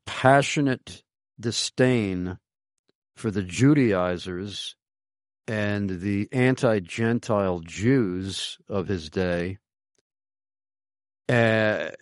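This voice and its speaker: Male host, low voice, slow and deliberate, plenty of "uh"s, dry close sound. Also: no echo. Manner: slow, deliberate, many "uh" fillers. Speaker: podcast host. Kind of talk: conversational religious talk show.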